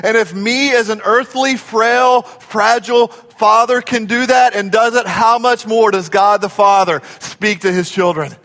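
A middle-aged man preaching a sermon as pastor, emphatic and animated, acting out quotes and rising to shouts. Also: sits high, unhurried, hardly any pauses, faint music behind. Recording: long hall reverb.

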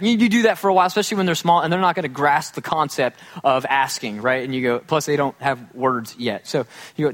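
A male pastor with a fairly high voice gives a chatty, conversational sermon. He often acts out the voices of the people he quotes, and he slips in self-deprecating jokes. His delivery stays relaxed and easy. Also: fairly quick.

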